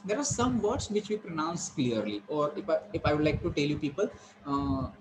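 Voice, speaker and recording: A man teaches English pronunciation in a slightly raised voice. He lays out each point step by step, repeating himself and slowing down to lean on key words. A faint hum sits behind him. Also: high voice, low-quality recording. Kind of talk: classroom lecture on pronunciation.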